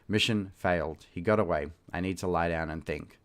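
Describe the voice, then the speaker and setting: A man's voice: deep voice, moderate pace. A man reading a short story aloud, with loose, chatty asides where he laughs at himself. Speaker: reader and host.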